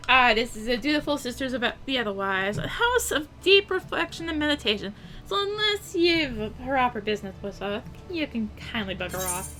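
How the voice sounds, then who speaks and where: A woman putting on a gruff, slangy nun at the door. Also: a little high, expressive, moderate pace, bright, forceful tone, low-quality recording. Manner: blunt, rough slangy speech. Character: gruff tough-talking nun guarding a convent door.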